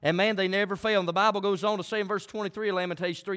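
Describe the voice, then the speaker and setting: A man preaching a sermon as pastor, animated and swinging between quiet talk and shouting. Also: sits high, fast talker, hardly any pauses. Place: church. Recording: long hall reverb.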